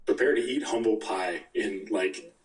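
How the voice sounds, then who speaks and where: Low-voiced laid-back male podcast co-host. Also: distant mic, poor audio. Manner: fast rambling, laid-back, swearing. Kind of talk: casual gaming chat.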